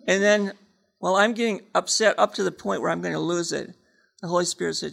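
A man telling a personal story in a sermon, animated and self-mocking. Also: sits high, brisk, vocal fry. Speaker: preacher sharing a story.

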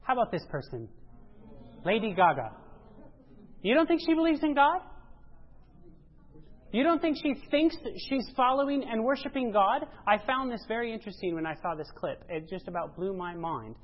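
Emphatic woman preacher, husky voice. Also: expressive, moderate pace, pauses often. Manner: emphatic, rising to loud exclamations then dropping low. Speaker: speaker giving a church presentation. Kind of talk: sermon. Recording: dull lo-fi sound.

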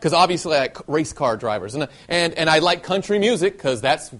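A man from the southern United States giving an animated sermon-style talk to young people and asking many rhetorical questions. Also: on the high side, brisk. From Southern United States (Nashville, Tennessee). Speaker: youth speaker.

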